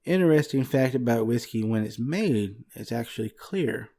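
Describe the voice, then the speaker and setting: Mellow-voiced man telling history with chuckles. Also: medium pitch, animated, moderate pace. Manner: laughing, easygoing storyteller. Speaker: podcast co-host. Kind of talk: casual podcast history talk.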